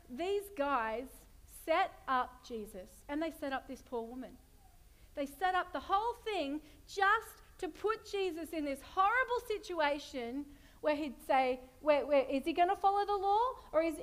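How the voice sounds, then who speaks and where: High-voiced woman preaching a sermon. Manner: expressive storytelling, rhetorical questions.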